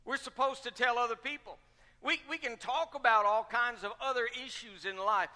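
Very high, bright-voiced fervent male preacher. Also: moderate pace. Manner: fervent, repeats rhetorical questions and phrases. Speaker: pastor. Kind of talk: preaching a sermon. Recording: long reverb of a large hall.

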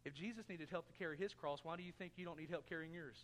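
A man's voice: on the high side, quick pace, a bit bright, big-room sound, a little hiss or hum. A man preaching a sermon as pastor, earnest, asking his congregation questions and throwing in jokes. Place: church sanctuary.

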